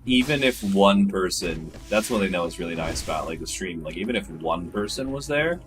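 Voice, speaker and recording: A young man with a fairly low voice talks loosely with a friend about streaming and games. He swears freely and slips into over-the-top high impressions of other people. A faint room ambience sits behind him. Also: animated, a little fast, background noise. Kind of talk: casual chat between gamer friends.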